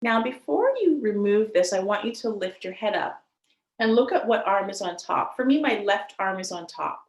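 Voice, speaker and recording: A woman guides a chair yoga session in a gentle, upbeat way and laughs easily between cues. Her voice sits at an ordinary middle pitch. The sound is roomy, with clear echo around her. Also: expressive, normal speed. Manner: gentle, cheerful, laughs often. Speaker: yoga instructor. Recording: echoey room.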